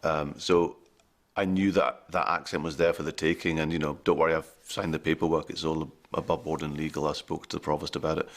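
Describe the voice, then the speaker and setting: A man's voice: extremely low pitch, little pitch movement, brisk. A man, interviewed about his character, telling stories with dry amusement. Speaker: actor interviewed about the show. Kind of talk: documentary interview.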